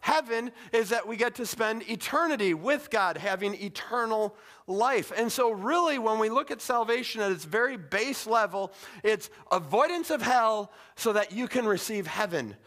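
A middle-aged man preaching a sermon in a conversational, animated way, with casual asides. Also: high-pitched, normal speed. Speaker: pastor.

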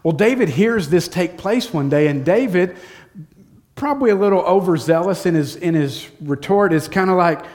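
A man teaching from the Bible, telling the story in a casual, lively way and acting out the quotes. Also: sits high, normal speed. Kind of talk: storytelling sermon.

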